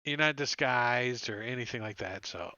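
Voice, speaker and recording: A man's voice: mid-range voice, animated, normal speed, bright, forceful tone, no echo, muffled recording. A man running a tabletop game as dungeon master, narrating loosely with lots of "uh" and "like". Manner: loose, rambling narration full of "uh" and "like".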